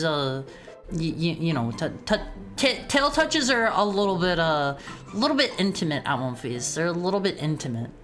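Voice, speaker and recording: A woman's voice: on the low side, fairly bright tone. A woman streaming casually, chatting with her audience in a playful, rambling way full of stammered restarts. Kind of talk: casual live-stream chat.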